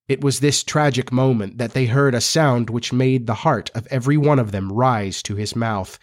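A man's voice: mid-range voice, moderate pace, hardly any pauses. A man hosting a storytelling podcast, chatting in a confiding, conversational way and then reading aloud with expression. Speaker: podcast host and narrator. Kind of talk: audiobook reading with chatty intro.

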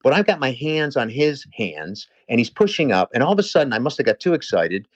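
A man telling a lively, swearing anecdote in a casual chat, talking fast. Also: mid-range voice, no room sound, muffled recording. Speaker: personal trainer telling a story.

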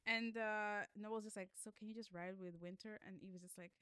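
A woman's voice: mid-range voice, steady tone, brisk, a bit bright, smooth, no echo. A woman in a casual chat recapping a novel with her co-host, laughing often and acting out the characters' lines. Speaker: book club podcast co-host.

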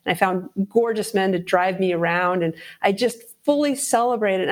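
A middle-aged woman, a guest author, telling personal stories in a lively interview chat and acting out the voices she quotes. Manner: animated, acts out quoted voices with big pitch jumps.

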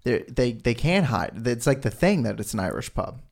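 Joking podcast co-host. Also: male voice, mid-range voice, big pitch swings, normal speed, creaky. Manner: joking, banters. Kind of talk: casual chat.

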